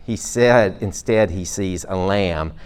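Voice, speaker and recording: A middle-aged man delivers a sermon in a loose, conversational manner, talking straight to his congregation. His voice sits a little low. He drops in self-deprecating jokes and asides as he goes. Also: slow pace, darkish tone, smooth. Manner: speaks to a live congregation. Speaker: preacher.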